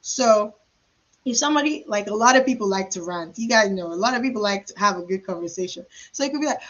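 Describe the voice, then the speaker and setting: A woman's voice: mid-range voice, animated, quick pace, fairly bright tone, muffled recording. A woman trichologist teaching a live career webinar in a conversational, emphatic way, acting out client dialogue. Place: private hair practice suite.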